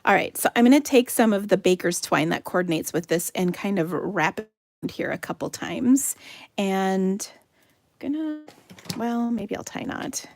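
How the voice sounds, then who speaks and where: American woman, craft-stream host; chatty and giggly, slips into murmurs while she works; slight fry. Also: medium pitch, animated, normal speed, dry recording. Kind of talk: live card-making demo.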